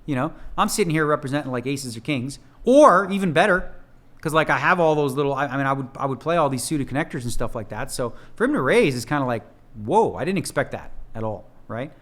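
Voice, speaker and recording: A man's voice: a little high, animated, fast, fairly bright tone. A man who plays poker for a living, talking through one of his hands in a loose, joking, slangy way. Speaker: professional poker player analysing his own hand. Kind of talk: casual spoken hand analysis.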